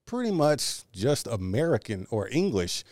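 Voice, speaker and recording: Podcast host, male, relaxed slangy delivery with a lively up-and-down voice; dry, close sound. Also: medium pitch, measured pace, dry recording. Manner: laid-back, laughs often, slangy. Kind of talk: casual chat over video call. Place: home with his dog nearby. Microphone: camera and mic at desk.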